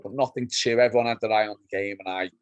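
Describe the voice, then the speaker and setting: Low-voiced man telling pub football stories. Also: very fast, clear, resonant tone, dry recording, dull audio. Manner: animated storyteller, acts out pub exchanges. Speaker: podcast co-host. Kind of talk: casual football chat.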